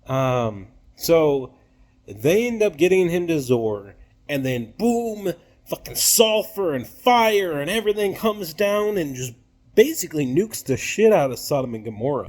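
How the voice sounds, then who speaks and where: Slangy young man with a lively voice. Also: on the high side. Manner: slangy and profane, acts out characters. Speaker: video host. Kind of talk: casual irreverent retelling of a story.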